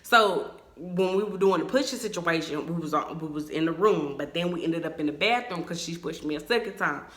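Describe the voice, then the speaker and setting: A young woman, telling a story to her viewers in an emphatic, animated way. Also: sits low, a little fast. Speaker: vlogger. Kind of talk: storytime vlog. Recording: echoey room.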